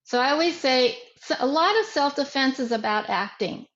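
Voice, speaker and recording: A woman teaching a self-defense workshop, speaking deliberately with frequent repeats and restarts. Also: sits high, animated, a bit bright. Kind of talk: workshop instruction. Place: online workshop. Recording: echoey, muffled room recording.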